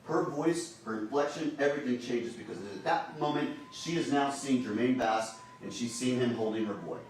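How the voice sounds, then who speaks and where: Guy making a closing argument in court, middle pitch, far off the mic, big echo. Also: normal speed, a little hiss or hum. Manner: urges and repeats to the jury. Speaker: prosecutor.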